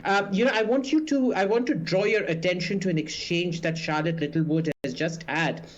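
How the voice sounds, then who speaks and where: A man's voice: high voice, normal speed. Indignant male commentator, muffled remote feed. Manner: indignant, many hesitant fillers. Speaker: panel guest.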